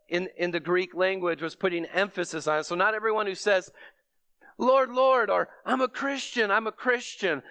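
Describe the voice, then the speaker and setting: A man's voice: high voice, a bit bright, no echo. A man preaching a sermon in an earnest way, with sudden emphatic bursts on repeated phrases.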